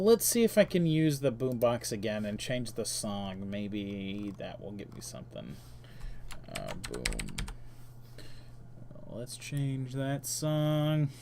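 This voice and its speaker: A man streaming a computer game, reading its text aloud between offhand remarks, with frequent "uh"s and self-corrections. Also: medium pitch. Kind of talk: casual let's-play commentary.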